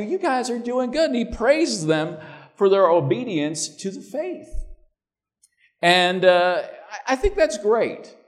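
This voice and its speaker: A man preaching a sermon in a conversational way, often repeating words as he starts a thought and swinging between emphatic and quiet phrases. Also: high voice.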